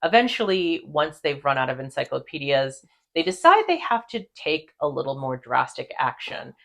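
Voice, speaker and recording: Low-voiced woman recapping casually. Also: moderate pace, gravelly. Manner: animated, profane, laughs often. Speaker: podcast host.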